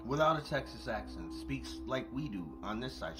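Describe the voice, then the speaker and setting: Faint music plays behind a podcast host speaking in an animated, sharp, mid-range voice at a moderate pace. Eating at home with a cat nearby, he talks straight to his late-night audience, swearing liberally, laughing frequently, and restating points for emphasis.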